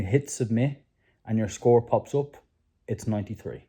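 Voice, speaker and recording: A man's voice: on the low side, moderate pace, warm tone, breathy edge. A man hosting a casual chat, earnestly coaching a guest on manifesting and repeating "right?" often. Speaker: host. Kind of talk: motivational advice chat.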